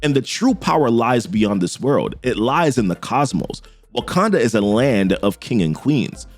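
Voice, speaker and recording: A man's voice: medium pitch, very animated, normal speed, soft background music, pitched below the performer's own voice. A man voicing a grave, ominous cult matron.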